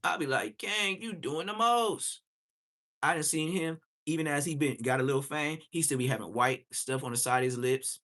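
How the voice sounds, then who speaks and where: A man on a live stream, animated and profane, mocking other streamers in roasting commentary. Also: mid-range voice, brisk, hardly any pauses.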